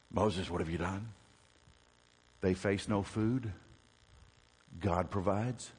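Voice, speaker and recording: Low-voiced preacher in a reverberant hall. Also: male voice. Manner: animated storytelling, asks the congregation questions. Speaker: Baptist preacher. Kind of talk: sermon.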